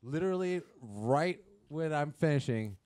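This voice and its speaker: A man's voice: a little high, lively intonation, measured pace, darkish tone, no echo. A man in his thirties on a podcast, telling a crude story in casual chat and acting out the other people in it. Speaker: podcast co-host.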